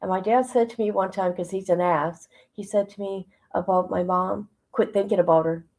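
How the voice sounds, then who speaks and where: A woman's voice: medium pitch, steady tone, normal speed, darkish tone, poor audio. A woman hosting a casual livestream from home on her phone, rambling and emotional as she talks to her chat. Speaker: livestream host.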